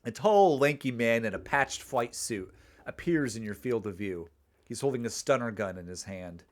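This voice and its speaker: A man's voice: medium pitch, lively intonation, moderate pace. Playful man narrating a text game. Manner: playful, rambling with restarts. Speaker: streamer and game author. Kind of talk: reading game narration and casual chat.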